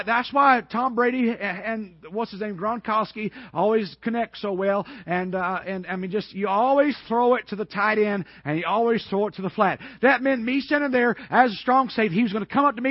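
A male preacher from Georgia telling a story in a sermon, animated and building to shouted peaks, on a worn microphone. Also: high voice, no room sound, highs cut off.

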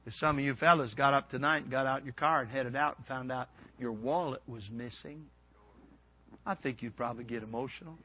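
A man preaching a revival sermon in a folksy, storytelling way, rising to loud peaks and dropping to a hush. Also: mid-range voice, brisk, breathy edge. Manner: swings from loud shouting peaks to hushed near-whisper. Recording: dull lo-fi recording.

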